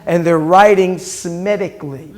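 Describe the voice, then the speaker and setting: A man's voice: high voice, moderate pace, darkish tone. A middle-aged man, a rabbi, teaching a Hebrew class and patiently repeating words aloud as he quizzes his students. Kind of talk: classroom lecture with questions to students.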